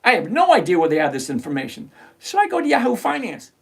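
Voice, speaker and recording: Talking fast, this host has a high-pitched, creaky, slightly rough voice whose pitch swoops wildly. He runs a live stock-picking stream from his computer, going over charts, and is blunt and sarcastic while teaching the numbers in a chatty way.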